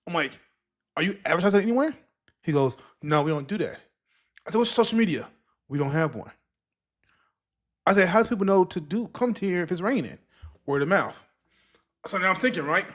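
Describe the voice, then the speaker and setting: Animated storytelling man. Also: high-pitched, fast talker. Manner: animated storyteller who acts out other people's lines. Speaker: podcast co-host. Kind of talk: casual storytelling chat.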